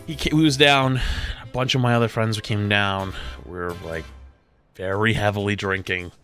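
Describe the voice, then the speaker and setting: A young man in his twenties, a streamer casually telling a story, animated and profane, often getting loud. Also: fairly low pitch, normal speed, faint music behind. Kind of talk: casual storytelling while gaming.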